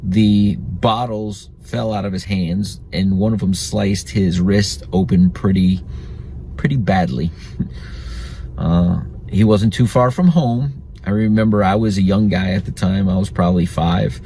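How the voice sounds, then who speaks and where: Low-voiced man telling family stories. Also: a little slow, warm tone, slight background noise. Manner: chatty, reflective, laughs at his own stories. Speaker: podcast host. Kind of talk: solo storytelling podcast.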